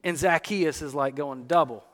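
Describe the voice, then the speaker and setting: A man preaching a sermon, telling a story in an animated way with the odd light laugh. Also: a little high, moderate pace, in a large hall.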